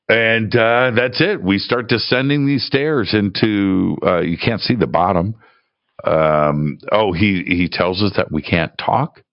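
A man telling a personal story in a casual, halting way, often repeating words and restarting. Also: lowish voice, dry recording, highs cut off. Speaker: guest telling a travel story.

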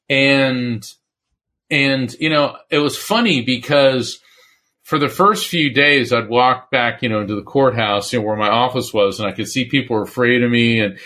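A middle-aged man talks through his stories in a lively way, acting out the people he quotes. His voice sits in an ordinary middle pitch. He speaks as a guest in a relaxed interview. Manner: animated storyteller who acts out quoted voices. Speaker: medium and former attorney, guest. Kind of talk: conversational interview storytelling.

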